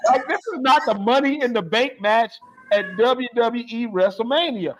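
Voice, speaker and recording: A man's voice: very high voice, measured pace, slight background noise. A man co-hosting a podcast, going off on a comedic, profane, exasperated rant in casual talk. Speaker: podcast co-host.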